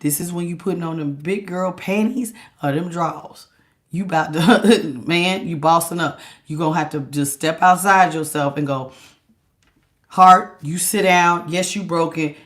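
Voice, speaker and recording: Animated woman giving a tarot reading. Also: sits low, moderate pace. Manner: animated and emphatic, casual slangy talk. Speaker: tarot reader. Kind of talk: direct-to-camera tarot reading.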